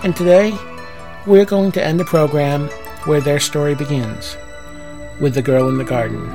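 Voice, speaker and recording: A male podcast host speaks in a gentle, earnest, scripted way. His voice sits a bit high for a man. Harp music plays clearly beneath him. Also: fairly even intonation, normal speed. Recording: harp music playing underneath.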